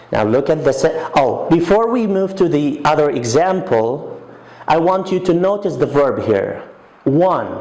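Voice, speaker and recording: A man teaching an English grammar lesson, explaining slowly and repeating his example sentences. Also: on the high side, darkish tone. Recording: echoey room.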